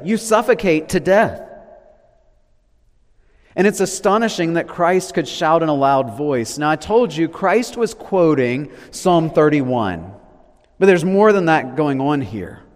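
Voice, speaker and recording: A man preaching a sermon, swinging from loud declarations to hushed, low lines. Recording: long reverb of a large hall.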